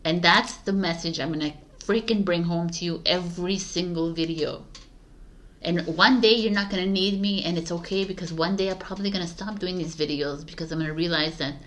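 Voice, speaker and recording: A woman's voice: on the low side, fairly quick. A middle-aged woman tarot reader from Canada, talking casually and passionately to her viewers, with frequent fillers. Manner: passionate, animated, laughs often, frequent "like" fillers. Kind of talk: casual spiritual talk to camera.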